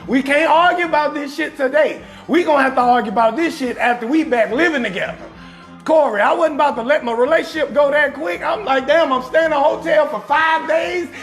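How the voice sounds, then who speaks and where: High-pitched gravelly new orleans guy ranting a raunchy story on his live show, yelling and laughing, faint music behind. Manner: loud, animated, often shouting and laughing, calls chat names. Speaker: host of a live call-in show. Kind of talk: crude comedic storytelling to a live chat.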